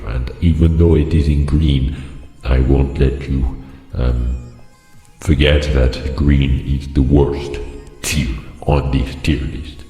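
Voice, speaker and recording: A man with an extremely low, unhurried voice delivers joking commentary with a straight face, trailing off into fillers. His voice rings in an echoey room with a long reverb tail. Faint music plays underneath. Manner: deadpan, mock-serious, rambling with many fillers. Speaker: channel host ranking other creators. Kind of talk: joking tier-list commentary.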